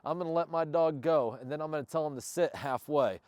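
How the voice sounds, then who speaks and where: A man who handles and trains his service dog, chatting upbeat to viewers of a casual training vlog outdoors and praising the dog loudly. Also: fairly high pitch, fairly quick, few pauses, no room sound, studio quality. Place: outdoors, yard or field. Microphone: camera on a stand nearby.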